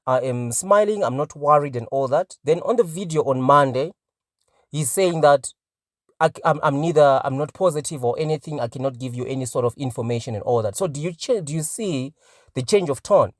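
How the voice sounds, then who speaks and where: A man's voice: a little high, lively intonation, brisk, dry recording, studio quality. A man commenting on crypto investing in a casual vlog, talking emphatically and ending many phrases with "right?". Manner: emphatic, peppers talk with "right?".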